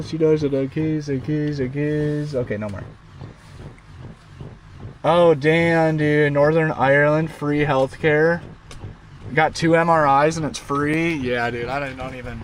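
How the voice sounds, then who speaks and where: Chatty man streaming, slightly high voice. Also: measured pace, slight background noise, poor audio. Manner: rambling, talks baby talk to his dog. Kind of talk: casual live stream chat.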